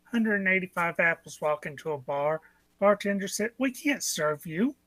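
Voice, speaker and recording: A woman's voice: fairly low pitch, expressive, moderate pace, a bit bright, dry recording. Playful woman telling improv jokes. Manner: playful, punchline delivery. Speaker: improv performer. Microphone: video call.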